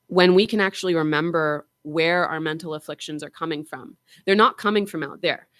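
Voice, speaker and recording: A woman minister giving an informal Buddhist dharma talk to a congregation, conversational, with frequent fillers and slowing down for emphasis. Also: deep voice, fairly bright tone, no echo.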